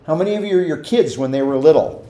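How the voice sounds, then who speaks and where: A man leads a relaxed Bible study in a church room, his mellow voice carrying a roomy echo. He talks in a lively, conversational way, putting questions to the group and acting out little quotes. His voice sits a touch higher than usual for a man. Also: fast talker. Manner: asks the listeners questions, acts out quotes. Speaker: Bible teacher.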